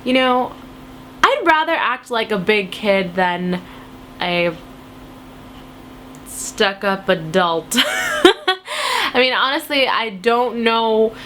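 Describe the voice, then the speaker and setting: A woman's voice: medium pitch, expressive, takes it slowly, pauses often, fairly bright tone, a little hiss or hum. A woman in her twenties with a cold, chatting casually to camera as she answers viewer questions in a silly, playful way. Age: 20s. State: has a cold.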